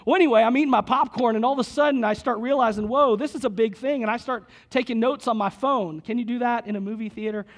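A man preaching a lively sermon in a church, slightly husky today, retelling a movie scene with quoted voices before leading a prayer. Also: extremely high pitch, fast talker, few pauses. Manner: lively storytelling, quotes characters, prays aloud. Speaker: pastor.

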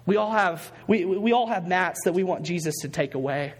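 A man's voice: sits high, moderate pace, big-room sound. A male pastor preaching a sermon in a church, earnest and repeating phrases for emphasis. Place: church sanctuary.

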